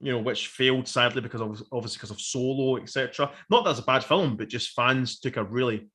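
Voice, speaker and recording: A man, co-hosting a casual review chat, animated and sweary, acting out quotes. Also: medium pitch, fast. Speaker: podcast co-host.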